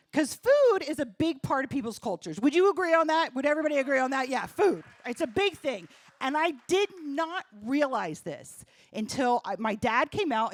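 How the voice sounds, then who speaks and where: Animated New woman doing stand-up. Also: high voice, dry recording. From New Jersey. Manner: punchy, self-deprecating, talks to the crowd. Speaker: stand-up comedian. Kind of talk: stand-up comedy. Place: comedy club stage.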